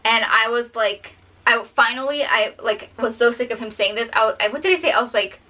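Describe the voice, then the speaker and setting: A woman's voice: fairly high pitch, brisk, pushed and bright, poor audio. A young woman vlogger telling a personal story while drawing, fighting back tears and rambling with many fillers.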